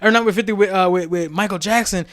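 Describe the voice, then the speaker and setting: A young man with a high voice, chatting on a podcast. He tells stories in an animated way, laughs often and acts out quotes from other people. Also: quick pace. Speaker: podcast co-host. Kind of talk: casual chat.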